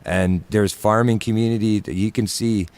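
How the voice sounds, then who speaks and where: A man with a deep, low voice tells a rambling, filler-heavy story in casual stream chat. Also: fairly even intonation, normal speed, a little mellow, no room sound. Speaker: musician and regular on a live stream chat.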